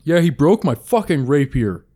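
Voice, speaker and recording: A man's voice: a little high, very animated, normal speed, mellow, voice pushed up. A man voicing a brash, sweary young male rogue who talks bluntly. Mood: irritated. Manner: blunt and flippant.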